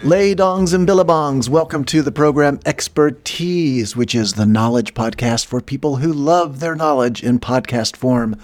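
A man's voice: medium pitch, measured pace, hardly any pauses, darkish tone, faint music behind. A man hosts a comedy podcast as a faux-formal interviewer. He keeps a dry, straight-faced delivery while playing along with the bit. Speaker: host.

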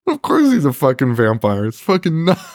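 A man's voice: on the high side, huge pitch swings, moderate pace, a little mellow, dry recording. Guy on a horror movie podcast, swears a lot, laughs a bunch, dry close sound. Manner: profane, ranting, laughs often. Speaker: podcast co-host. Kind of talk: casual movie review chat.

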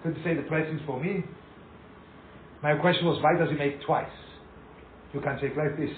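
A man giving an animated, informal Torah talk as a rabbi, repeating himself and acting out little scenes. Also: a little high, normal speed, long pauses. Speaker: rabbi teaching a class. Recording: echoey, tinny lo-fi room recording with hiss.

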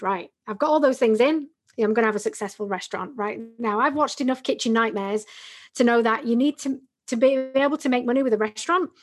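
Chatty female podcast co-host. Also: fairly high pitch. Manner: chatty, uses examples, frequent "right?" tags. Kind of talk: casual explanatory podcast talk.

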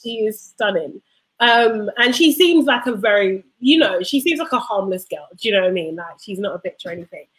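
A woman's voice: medium pitch, animated, a little fast, rough recording. A woman co-hosting a casual chat show, telling stories with a laugh. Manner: chatty, laughing storyteller. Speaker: podcast co-host.

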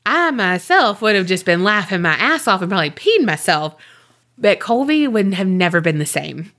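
A woman co-hosting a podcast, telling a rambling story in animated casual chat, swearing and laughing often. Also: medium pitch, moderate pace. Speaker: podcast co-host.

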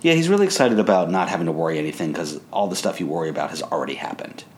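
A man's voice: sits low, lively intonation, racing. A man co-hosting a casual recap chat, talking in a wry, dry way with chuckles. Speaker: podcast co-host.

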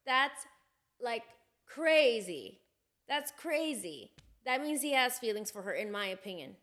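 A woman co-hosting a podcast in casual chat, telling gossip in an animated way, full of "like" fillers. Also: fairly high pitch, unhurried. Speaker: podcast co-host.

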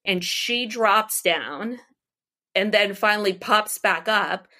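A woman's voice: medium pitch, slow, bright, forceful tone. A middle-aged woman from the United States, an astrologer and psychic medium, telling personal stories in a casual interview, rambling with restarts and laughs.

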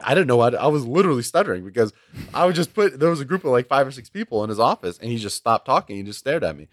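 A man's voice: mid-range voice, expressive, fast, no echo, studio quality. A man in his twenties chatting casually as a podcast guest, rambling through stories with frequent restarts. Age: 20s. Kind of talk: casual chat.

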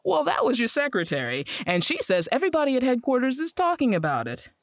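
An actress playing a teasing, dismissive wife in an old-time radio drama. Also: female voice, high-pitched, huge pitch swings, fast talker, no room sound, clean studio sound, full character voice. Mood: chiding. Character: chiding wife, teasing and brisk.

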